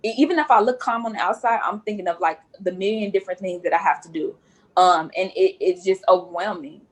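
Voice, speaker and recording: A woman's voice: medium pitch, fast talker, rough recording. A woman nurse speaking as a guest on a podcast, earnest and repeating phrases for emphasis. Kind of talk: podcast interview.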